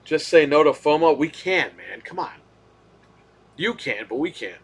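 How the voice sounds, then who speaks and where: A man hosting a live gaming stream, ranting in a heated, profane way, swinging between low muttering and loud outbursts. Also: expressive, measured pace, husky. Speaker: gaming podcast host.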